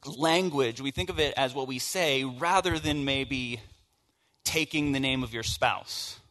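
A man from the American South preaching a conversational sermon, moving from hushed storytelling to emphatic points. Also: a little high. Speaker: pastor.

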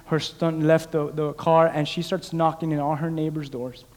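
High-voiced preacher in a reverberant hall. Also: male voice, flat delivery, moderate pace. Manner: call-and-response preaching, swinging from shouted exhortation to hushed storytelling. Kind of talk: sermon.

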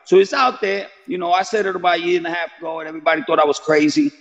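A man's voice: high-pitched, steady tone, very fast, vocal fry, fairly bright tone, long reverb tail, dull audio. A man who trains a boxer, speaking brashly and confidently in a casual interview, swearing and calling the host "bro.". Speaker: boxing trainer and father of a fighter.

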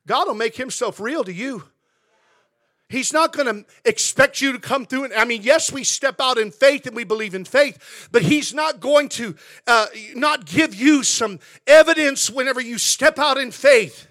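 A man preaching a sermon as pastor in a church sanctuary, swinging from shouted declarations to hushed asides. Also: extremely high pitch, lively intonation, normal speed.

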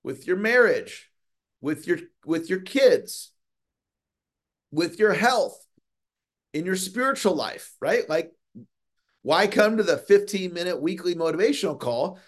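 A middle-aged man coaching on a motivational call, earnest, often slowing down to stress key words and repeating phrases. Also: on the high side. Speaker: sales coach.

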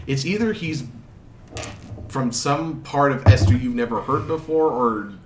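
A man narrating a tabletop game as game master, unhurried and amused. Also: mid-range voice, distant mic. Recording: roomy, noisy.

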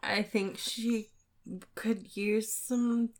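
A woman's voice: on the high side, level tone, drawn-out words. A woman co-hosting a casual chat, giving dry, brief replies. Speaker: co-host.

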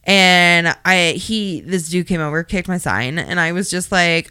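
Podcast co-host, female, casual and brash, swears a lot; smooth tone, slightly low, dry booth sound. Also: a little slow, hardly any pauses, bright, forceful tone, no echo. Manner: swears freely, storytelling with sassy asides. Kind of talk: casual chat.

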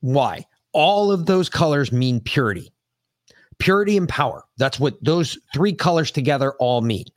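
Profane, animated male podcast co-host. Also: on the high side, moderate pace, dry recording, studio quality. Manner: animated, profane storyteller who cuts in to correct. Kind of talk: casual storytelling chat.

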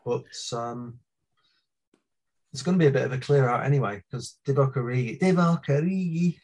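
A man talking through transfer news in a measured, thoughtful way on a casual podcast. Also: mid-range voice, fairly even intonation, a little mellow, highs cut off. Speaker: football podcast guest, Liverpool fan. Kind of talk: casual chat.

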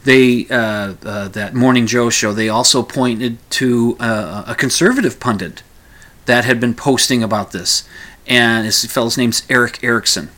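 A man's voice: medium pitch, measured pace, sharp tone. A man hosting a casual commentary show, rambling through the news with frequent restarts and asides.

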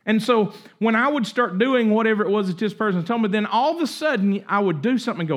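A man's voice: high voice, fast, hardly any pauses. A middle-aged man preaching a sermon, telling stories animatedly and often restarting his sentences. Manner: animated storytelling with frequent restarts. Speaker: pastor.

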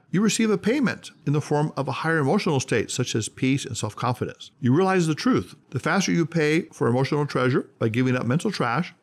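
The host of a self-help podcast, a man with a fairly high voice, reads his script with measured emphasis. He slows down whenever he hits a key word.

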